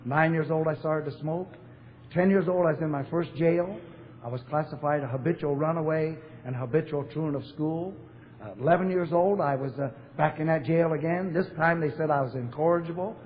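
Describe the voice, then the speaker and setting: A man's voice: on the high side, a little fast. An older man from Portland, Oregon, giving a blunt, wry recovery talk to a convention audience in a large hall. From Portland, Oregon, USA. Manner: storytelling, blunt, wry humor with fillers. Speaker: AA speaker. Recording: echoey hall, phone-like narrow sound, faint hiss.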